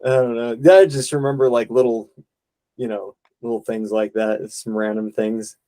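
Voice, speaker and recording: A man's voice: medium pitch, steady tone, moderate pace, dark tone. A young man chatting casually with his mother, rambling through memories and laughing easily. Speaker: son. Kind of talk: casual family chat.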